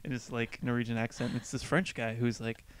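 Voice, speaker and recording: A man's voice: medium pitch, steady tone, brisk, smooth, no echo. A man co-hosting a casual podcast, rambling through stories, swearing freely and acting out quotes. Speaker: podcast co-host. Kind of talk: casual chat. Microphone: studio microphone.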